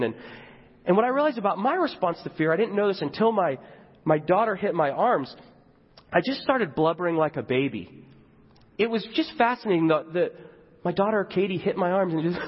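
A young man gives a sermon in a husky, slightly high voice. He tells his story candidly, with chatty asides and self-mocking humour. The sound is dull and lo-fi, with the long reverb of a big hall. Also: very animated, a little fast. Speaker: pastor.

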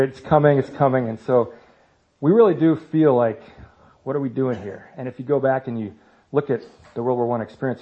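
A man in his thirties speaking to a church congregation about parenting, in a conversational way with self-mocking humor. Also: mid-range voice. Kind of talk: church talk. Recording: slightly dull lo-fi sound.

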